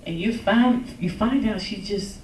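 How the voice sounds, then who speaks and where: A woman giving a joking, lively talk on relationships at a church service, acting out little quotes as she goes. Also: medium pitch, measured pace, slight background noise. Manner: animated, joking, acts out quotes. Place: church hall with congregation. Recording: echoey hall, mic from far off.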